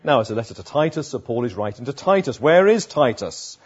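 A man's voice: mid-range voice, very animated, fairly quick, slightly rough. A man with a sore throat preaching a sermon as pastor, asking and answering his own rhetorical questions. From London area, England. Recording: dull lo-fi sound.

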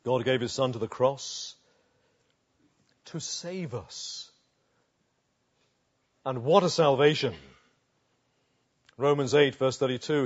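A man preaches a sermon, slow and emphatic, with long pauses. His volume rises and falls sharply between quiet and loud passages, and his voice sits in a middle register. The recording is somewhat muffled. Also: medium pitch. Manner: dramatic swings between hushed and loud passages.

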